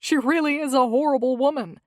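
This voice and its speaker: A woman voicing a gentle young dentist. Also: sits high, brisk, no echo, clean studio sound, pitched above the performer's own voice, lightly acted. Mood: playfully dramatic. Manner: sincere and gentle. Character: quiet, earnest young male dentist.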